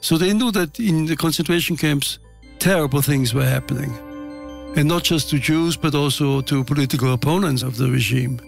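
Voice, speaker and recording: A man from Austria with an Austrian accent, explaining deliberately and earnestly in an interview. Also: on the high side, vocal fry, soft background music. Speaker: intelligence expert interviewee.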